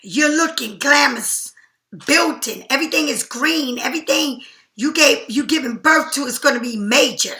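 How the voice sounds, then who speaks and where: Chatty high-voiced tarot reader woman. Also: normal speed, reverberant. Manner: chatty, animated, slangy. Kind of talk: casual tarot reading.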